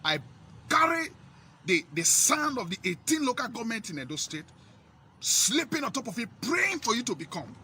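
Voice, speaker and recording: A man's voice: very high-pitched, big pitch swings, normal speed, sharp tone, slight background noise. A man with a Nigerian accent, a self-styled prophet, delivering a repetitive, accusing rant. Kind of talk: angry rant at a politician.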